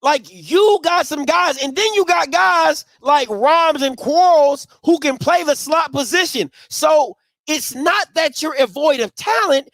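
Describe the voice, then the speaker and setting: A man hosting a postgame call-in show, excitable, often repeating himself as he talks fast and loud about the game. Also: extremely high pitch, creaky, no echo. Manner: excitable, repeats and restarts, shouts. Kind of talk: animated sports call-in talk.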